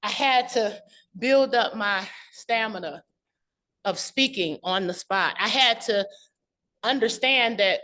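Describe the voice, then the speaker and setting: A woman's voice: medium pitch, takes it slowly, bright, forceful tone. A woman delivers a heartfelt, prepared speech at a club meeting, laughing often and fighting back tears. Her voice sits in a middle range and sounds dry and close, with little room echo. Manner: personal, laughing often, emotional. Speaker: club speaker.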